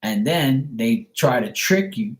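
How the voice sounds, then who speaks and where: A man's voice: medium pitch, animated, takes it slowly. A man who reads tarot, ranting casually and bluntly on a live stream, swearing freely. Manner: profane, exasperated, blunt. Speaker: tarot reader.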